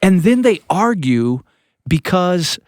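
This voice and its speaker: A man's voice: high-pitched, takes it slowly, dry recording, studio quality. A man co-hosting a church podcast, chatting casually about scripture and acting out quotes with jokes. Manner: lively and joking, acts out quotes. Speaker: podcast co-host, church leader.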